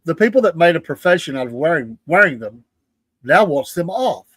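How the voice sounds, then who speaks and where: A man's voice: on the high side, sing-song, fairly quick, fairly bright tone, dry recording. A man co-hosting a live talk show, giving indignant commentary with chuckles. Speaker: show co-host. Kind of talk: casual political chat.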